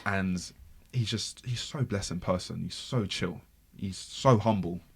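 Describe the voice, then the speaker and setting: A man, a podcast guest telling a story in lively slang and repeating words for emphasis. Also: deep voice, a little slow, creaky, husky. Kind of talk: casual storytelling.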